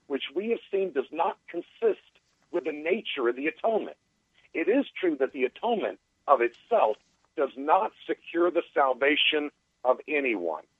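A man calling into a radio show, making a measured theological argument and reading out quotes. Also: fairly high pitch, slightly rough, no echo. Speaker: caller. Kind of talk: theological argument over the phone. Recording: tinny phone line.

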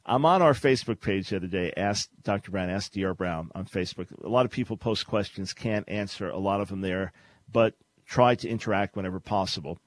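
A man's voice: low voice, brisk, no room sound. An older man from New York with a New York accent, hosting a talk radio show in a casual, sarcastic way and laughing often. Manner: sarcastic, laughs often while telling a story.

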